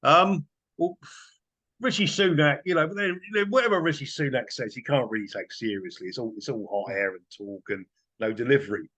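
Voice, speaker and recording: A man's voice: mid-range voice, fairly quick, fairly bright tone. A man as a guest in a casual political chat, indignant and emphatic. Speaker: guest commentator.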